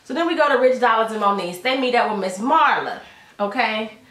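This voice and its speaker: A woman's voice: fairly high pitch, animated, a little fast, a bit bright, roomy sound, recorded from a distance. Slangy, chatty woman recapping a show. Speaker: TV episode reviewer. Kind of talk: casual recap vlog.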